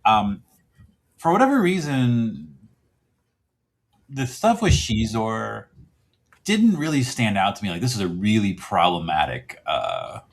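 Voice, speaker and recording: A man's voice: lowish voice, big pitch swings, unhurried, gravelly, long pauses, husky. A man guesting on a podcast, chatting casually and rambling, often chuckling and poking fun at himself. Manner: rambling, chuckling, self-mocking.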